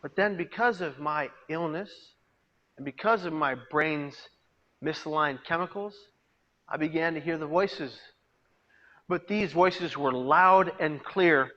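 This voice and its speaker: Man telling his story, bright lo-fi audio. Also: a little high, unhurried. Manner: dramatic storytelling, swings between hushed and loud. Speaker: peer mentor and suicide prevention speaker. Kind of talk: personal testimony to a live audience. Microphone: video call.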